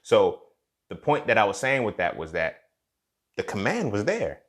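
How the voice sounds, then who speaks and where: Profane young man telling a story, lowish voice. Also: big pitch swings, moderate pace. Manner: profane, storytelling, keeps asking "you feel me". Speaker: podcast host. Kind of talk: casual motivational monologue.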